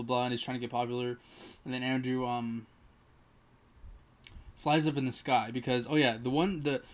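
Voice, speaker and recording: A man giving a casual spoken movie review, rambling through the plot with lots of fillers. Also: medium pitch. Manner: rambling retelling full of fillers.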